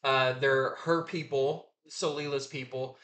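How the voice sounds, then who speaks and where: A man's voice: medium pitch, steady tone, measured pace, a bit bright. A man hosting a comic book review show, chatting casually and enthusiastically with lots of fillers.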